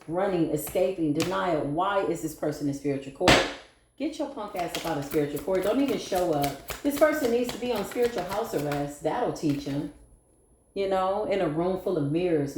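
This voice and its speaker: A woman's voice: fairly low pitch, a little mellow, roomy sound, slight background noise. A woman giving a tarot reading to a collective audience, blunt, sassy and playful, with some cursing. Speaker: tarot reader.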